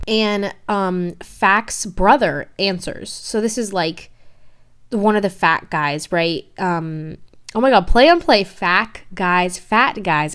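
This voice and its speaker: A young woman, recapping a TV episode in a chatty, slangy way with rambling asides and swearing. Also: medium pitch. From San Francisco Bay Area. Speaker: TV show reviewer. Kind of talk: casual recap vlog.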